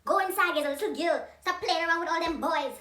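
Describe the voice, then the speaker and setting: A woman's voice: extremely high pitch, quick pace, bright, forceful tone, roomy sound, far from the mic, voice pushed up. A woman doing a stern mom. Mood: stern scolding. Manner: stern, scolding. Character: strict Caribbean mother scolding her young daughter.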